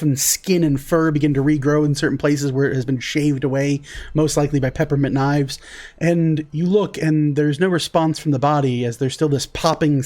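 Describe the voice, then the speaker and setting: A woman narrating as the game master of a tabletop game, describing scenes calmly and in detail. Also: deep voice.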